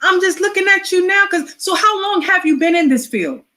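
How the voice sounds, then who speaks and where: A woman hosting a casual interview, responding with warm affirming interjections and questions. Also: extremely high pitch, animated, normal speed. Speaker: interview host.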